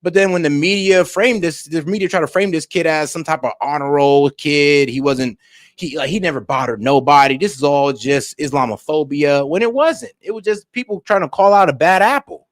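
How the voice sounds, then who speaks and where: A man giving loose, slangy casual commentary as a reaction streamer, thinking out loud. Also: on the high side, moderate pace, no room sound, studio quality.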